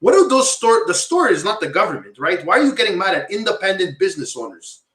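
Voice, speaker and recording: A man's voice: high-pitched, very animated, fast, fairly bright tone. A man from Quebec hosting a casual podcast talk show, rambling, repeating himself and calling viewers "guys". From Quebec, Canada. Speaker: podcast host. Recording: echoey room.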